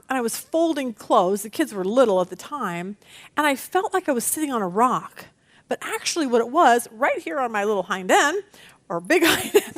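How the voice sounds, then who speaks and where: A middle-aged woman teaching a women's Bible study. She speaks with animation, acts out what people say, and often repeats words as she starts a thought. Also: high-pitched.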